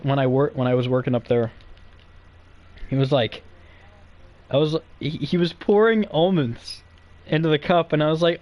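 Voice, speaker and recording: Young man, live-stream chat, rambling, cursing, lots of fillers, fairly high voice. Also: moderate pace, long pauses, a little mellow, no echo. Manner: rambling, profane storytelling with many fillers. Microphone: streaming mic.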